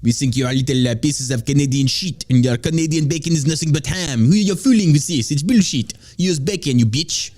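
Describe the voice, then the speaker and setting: A man's voice: a little high, brisk, few pauses, a little mellow, natural voice. A man putting on a sneering French-accented foreign leader. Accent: French, put on. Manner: sneering, insulting. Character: mocking foreign head of state, older man, bullying.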